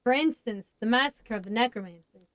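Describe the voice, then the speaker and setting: A woman's voice: a little high, lively intonation, brisk, no echo, natural voice, rough recording. A woman voicing a weary, blunt grown man in a storybook reading, talking plainly.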